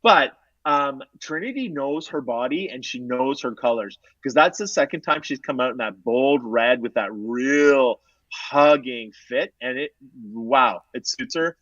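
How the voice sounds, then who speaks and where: A man as a guest in a casual podcast chat, opinionated and playful with quick asides. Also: medium pitch, fairly bright tone, dry recording, highs cut off.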